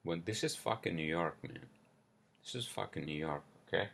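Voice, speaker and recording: A man's voice: low voice, creaky, fairly bright tone. A man hosting a solo podcast, ranting angrily with lots of swearing, fillers and apologies. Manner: angry, profane, halting with many fillers and apologies. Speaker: podcast host. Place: New York.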